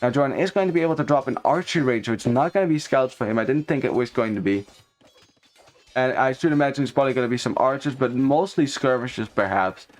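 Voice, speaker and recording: A man's voice: medium pitch, quick pace. A young man casting a real-time strategy match, chatty and analytical, explaining game mechanics as the action unfolds. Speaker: esports caster. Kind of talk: live strategy-game commentary.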